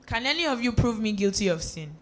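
A reader going through a Bible passage aloud at a steady pace, with a few small slips and restarts. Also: mid-range voice, a little fast. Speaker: scripture reader. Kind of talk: reading scripture aloud.

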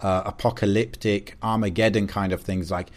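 Rambling young man, low voice. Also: little pitch movement, moderate pace. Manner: rambling, filler-heavy, checks in with 'yeah?'. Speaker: podcast host. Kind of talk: casual chat.

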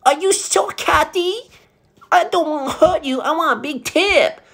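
A speaker mocking a shrill, fretful salon customer. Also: measured pace, gravelly, fairly bright tone, exaggerated voice. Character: fussy high-voiced woman salon customer.

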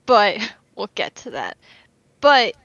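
A woman co-hosting a casual podcast, telling stories in an animated, chatty way with some casual swearing. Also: medium pitch, takes it slowly, dry recording, highs cut off. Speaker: podcast co-host.

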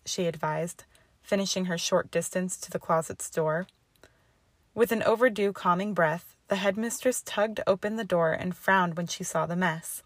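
A woman reading fan fiction aloud in steady storytelling narration. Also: lowish voice, moderate pace, dry recording. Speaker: audiobook reader. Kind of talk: fanfiction read aloud. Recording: dry close recording.

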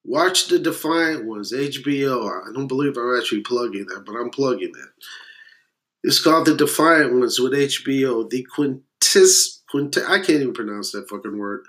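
A man's voice: medium pitch, expressive, moderate pace. Blunt, profane man ranting. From West Indian heritage. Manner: emphatic, blunt, profane, swings between loud bursts and muttered asides. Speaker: commentator. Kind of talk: profane opinion rant.

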